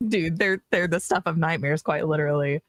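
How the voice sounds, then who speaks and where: A woman's voice: sits low, brisk, dry recording, clean studio sound. A woman co-hosting a casual game stream, reading chat aloud with playful exasperation and laughter.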